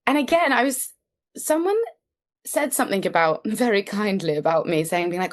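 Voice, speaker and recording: A woman's voice: mid-range voice, lively intonation, moderate pace. A woman, chatting as a comedy guest in a casual, self-deprecating way with lots of fillers. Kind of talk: casual interview chat.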